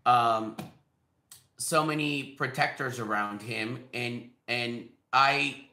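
A man with a bright, forceful voice tells personal stories as a podcast guest. He talks in an animated way, laughs often and acts out what others said. The sound bounces around a roomy space. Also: mid-range voice, takes it slowly. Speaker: guest, realtor. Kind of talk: anecdotal storytelling. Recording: echoey room.

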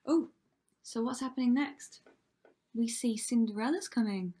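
A woman teacher reads a rhyming story to children, taking her time and dramatizing each line. Her voice is fairly high and husky, and she often drops to a whisper. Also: a little slow, warm tone. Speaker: primary school teacher.

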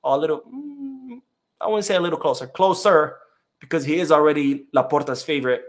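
A man's voice: fairly high pitch, quick pace. A man hosting a casual live-stream podcast, reading chat comments in a loose, chatty way with many fillers.

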